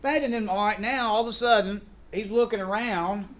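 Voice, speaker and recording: High-voiced man teaching scripture. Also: brisk. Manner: animated, acts out biblical dialogue and quizzes the class. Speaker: Sunday School teacher and church elder. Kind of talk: Bible lesson teaching.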